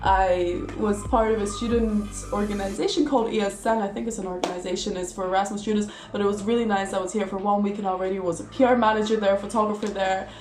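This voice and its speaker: A woman's voice: mid-range voice, steady tone, fast, few pauses, darkish tone. An eighteen-year-old woman from Russia chatting casually to camera as a vlogger, rambling along with lots of "like" and "you know". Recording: echoey room with music behind.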